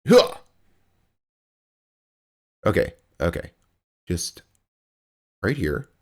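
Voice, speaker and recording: A man's voice: lowish voice, very animated, normal speed. A young man streaming a game live, chatting with his viewers in a rambling, playful way and grunting as he plays.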